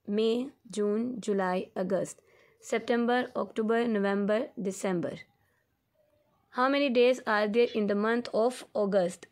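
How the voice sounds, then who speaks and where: A woman teacher, reading a textbook lesson aloud slowly and clearly for young children. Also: a little high, a little mellow.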